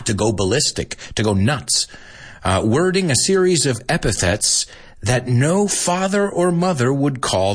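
A husky-voiced man teaching English on a live stream, his pitch leaping all over as he jokes with students. He slips between English and Spanish and laughs often. The delivery is animated and loose. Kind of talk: live-streamed language lesson.

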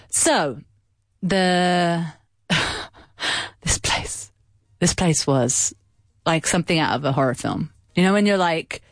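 A woman hosts a radio show and tells a long story in a casual, rambling way, stopping often for fillers and asides. Her voice is fairly low and swings widely in pitch, and the studio sound is dry and close. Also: expressive, slow, no echo, soft background music. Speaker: radio host. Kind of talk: casual chat.

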